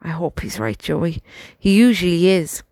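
A woman voicing a gentle young male soldier who talks softly and reassuringly to his horse, in an audiobook. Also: fairly low pitch, very animated, measured pace, no room sound. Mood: fond. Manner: soft, chatty, reassuring talk to a horse.

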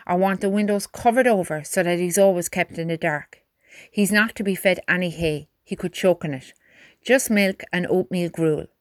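A woman voicing a calm, commanding middle-aged army major. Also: high-pitched, dry recording, clean studio sound. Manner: measured, commanding.

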